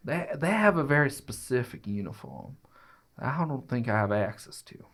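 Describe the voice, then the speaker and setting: Player, man, mid-pitched, casual, thinks aloud. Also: sing-song, moderate pace, a bit bright. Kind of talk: casual tabletop play chat.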